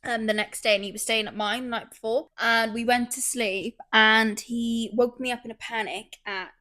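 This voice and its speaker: A woman hosting a podcast, chatting casually and acting out her stories loudly. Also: on the high side, moderate pace. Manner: animated storyteller, swears, acts out quotes loudly. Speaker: podcast host. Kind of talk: casual chat.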